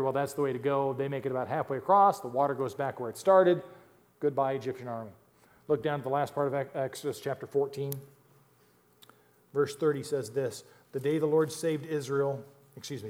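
Folksy pastor preaching in a reverberant hall. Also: male voice, on the high side. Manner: folksy, animated, acts out whining crowds with joking asides. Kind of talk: sermon.

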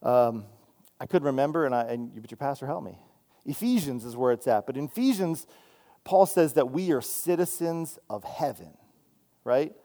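Warm and animated, a mid-range male voice moves at a moderate pace through a sermon. The speaker, a student minister, talks loosely and conversationally, restarting often and repeatedly checking in with "right?"

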